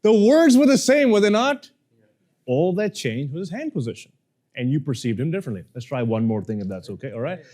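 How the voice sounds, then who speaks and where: Man, workshop coach, playful and animated, addressing a room full of people. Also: fairly high pitch, a little fast. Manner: animated, playful, jokes with audience. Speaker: communication coach. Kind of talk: live workshop teaching. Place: seminar room with audience.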